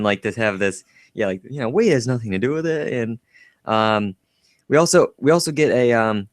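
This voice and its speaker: A man co-hosting a podcast talks casually and with animation, laughing often and slipping into quotes. His voice sits at an ordinary middle pitch. The sound is dry and close. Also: smooth, dry recording. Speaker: podcast co-host. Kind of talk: casual film discussion.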